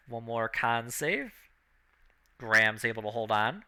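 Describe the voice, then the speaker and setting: A man's voice: mid-range voice, very animated, a little slow, pauses often, sharp tone, clean tone. A man narrating a tabletop role-playing game as game master, laid back and full of fillers and chuckles.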